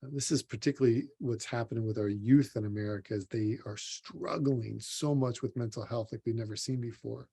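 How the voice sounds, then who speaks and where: A man's voice: fairly low pitch, fairly even intonation, normal speed, vocal fry, few pauses, warm tone, breathy edge. A man, a sports psychologist, giving an earnest motivational conference talk and speaking straight to the listener. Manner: earnest, direct, addresses the listener as "you". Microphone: recorded for an online symposium.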